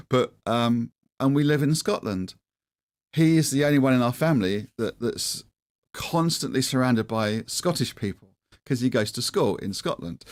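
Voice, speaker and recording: Rambling man, lowish dry voice. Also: no room sound. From England. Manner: rambling and self-deprecating, with many restarts. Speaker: livestream host. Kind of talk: casual livestream chat.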